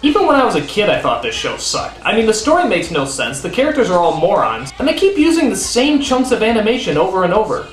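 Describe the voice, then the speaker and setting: A man hosting a comedic countdown review. He is sarcastic and animated, with quick comic asides. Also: high voice. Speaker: host and critic. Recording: roomy studio with faint music.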